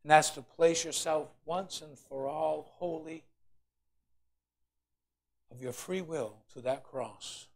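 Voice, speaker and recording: A man with a high voice delivers a sermon from the pulpit of a church. He drops into quiet, low passages, then climbs into loud, ringing emphasis, sometimes slipping into the whiny voices of complainers he is describing. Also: slow, pauses often. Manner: preaching with rising shouted emphasis, acting out complainers. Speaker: pastor. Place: church sanctuary.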